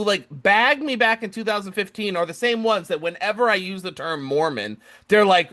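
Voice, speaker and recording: A man's voice: high voice, fairly quick, few pauses. A young man co-hosting a podcast, ranting casually and acting out other people's lines. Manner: animated, acts out other people's lines in quoted voices. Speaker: podcast co-host.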